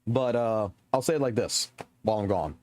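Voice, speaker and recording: A man's voice: fairly low pitch, lively intonation, normal speed, darkish tone, slight background noise. A man streaming games and ranting to his chat, swearing often and repeating himself for emphasis. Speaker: game streamer.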